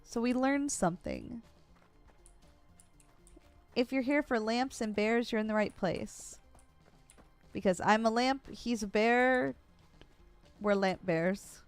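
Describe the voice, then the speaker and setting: A woman's voice: on the high side, slow pace, pauses often, clear, resonant tone, faint music behind. A woman streamer giving playful, chatty commentary while playing a video game. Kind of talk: casual gameplay commentary.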